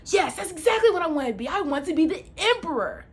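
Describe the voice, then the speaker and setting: A woman's voice: extremely high pitch, big pitch swings, fast talker, voice pushed up, exaggerated voice. A woman voicing a grasping, ambitious wife who always wants more, whiny and demanding. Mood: longing.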